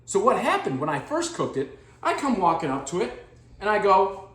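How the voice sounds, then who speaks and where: Woman as a dim, proud home-cook guy; lively pitch, echoey room. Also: normal speed, natural voice. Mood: goofy boastful. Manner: boastful, deadpan silly, jumpy loudness. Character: clueless goofy male home-cooking guy. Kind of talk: comedy sketch monologue.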